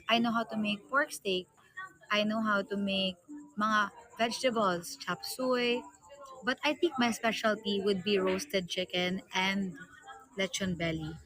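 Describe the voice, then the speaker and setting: A young Filipino woman from the Philippines hosts a livestream, chatting casually with viewers and slipping easily between English and Tagalog. Her voice is medium in pitch and a bit bright, with a steady tone and a measured pace.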